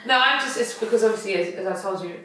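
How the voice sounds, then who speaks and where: A woman's voice: medium pitch, racing, a crowd in the background. Woman cohost rambling, keeps losing the word, roomy echo. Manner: rambling, loses her words, laughs it off. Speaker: podcast co-host. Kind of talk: casual chat. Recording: roomy echo, distant mic.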